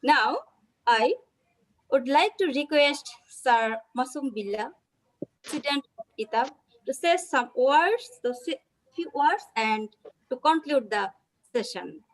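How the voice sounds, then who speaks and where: A woman's voice: sits high, animated, slow, pauses often, poor audio. A woman, moderating a webinar Q&A politely and formally. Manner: polite, formal, addresses presenter as sir. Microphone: video call.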